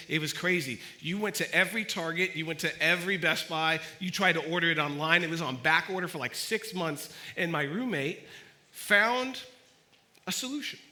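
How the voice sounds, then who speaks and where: High, sharp-voiced young man telling a story. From Los Angeles. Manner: casual, animated storytelling that acts out quoted voices. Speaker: student ministry speaker. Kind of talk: storytelling sermon.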